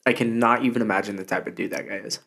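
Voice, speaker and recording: A young man co-hosting a casual podcast chat, swearing freely and telling stories in an animated way. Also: on the low side, racing. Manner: profane, animated storytelling. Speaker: podcast co-host.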